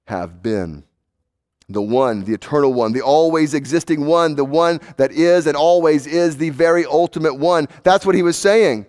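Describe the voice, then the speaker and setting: An emphatic male pastor delivering a sermon with a slightly high voice. He swings from raised urgency down to hushed, low intensity and repeats words for emphasis.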